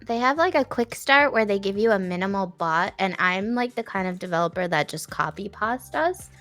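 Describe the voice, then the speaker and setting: A woman's voice: mid-range voice, animated, moderate pace, fairly bright tone, faint music behind. A woman co-hosting a live coding stream, supportive and chatty, laughing often. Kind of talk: casual live coding chat.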